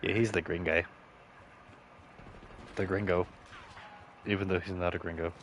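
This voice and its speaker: A young man streams a shooter game, chatting in a loose, rambling way. He swears often and jokes to himself between plays. His voice sits fairly low, with a faint background hum. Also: flat delivery, normal speed. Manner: rambling, profane, joking to himself. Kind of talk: casual gaming commentary.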